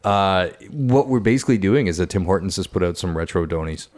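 Very low-voiced enthusiastic man. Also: lively intonation, fairly quick, a little mellow. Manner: enthusiastic, rambling. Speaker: podcast host. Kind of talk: casual chat.

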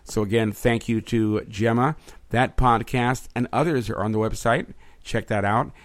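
A man's voice: medium pitch, fairly even intonation, moderate pace, dry recording. A man hosting a podcast in an upbeat, chatty way, with frequent fillers. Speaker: podcast host. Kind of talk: casual podcast chat. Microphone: remote recording setup.

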